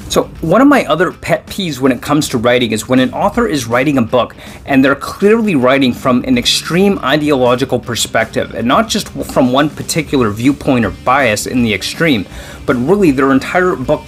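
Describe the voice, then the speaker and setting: Chatty man rambling about books. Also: medium pitch. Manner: chatty, rambling, with animated outbursts. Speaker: book vlogger host. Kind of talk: casual solo book vlog.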